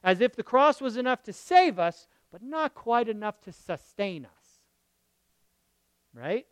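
Male pastor, casual sermon delivery, smooth resonant voice, loud punches and hushed asides, checks in with listeners. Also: very high voice, very animated, measured pace, no echo. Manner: swings from loud emphatic lines to quiet murmured asides; checks in with the audience, asking okay and right. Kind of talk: conversational sermon.

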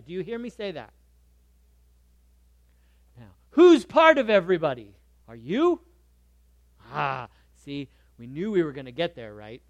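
A man preaching a sermon in a conversational way, moving between soft asides and lively emphasis. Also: sits high, measured pace, no room sound. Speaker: pastor.

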